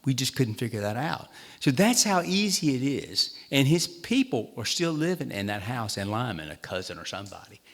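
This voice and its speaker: A man's voice: medium pitch, sing-song, normal speed, gravelly. A man with a Southern accent, a state treasurer, telling humorous, self-deprecating stories at a town hall meeting. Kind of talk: storytelling speech at a town hall. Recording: long reverb in a hall.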